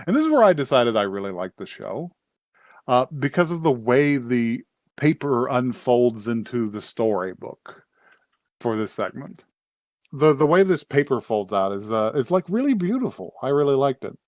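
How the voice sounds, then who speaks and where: A man's voice: mid-range voice, very animated, moderate pace, dry recording. A podcast host talking through an episode recap, rambling and restarting his sentences as he goes. His voice sits in a middle range, with dry, close sound. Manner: rambling with many fillers and restarts, laughs often. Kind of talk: casual recap chat.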